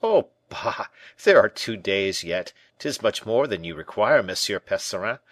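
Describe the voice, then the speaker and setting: A man's voice: on the low side, expressive, measured pace, a bit bright, no echo. A man voicing a bold musketeer captain who teases and presses with emphatic banter, in an audiobook reading. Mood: jovial.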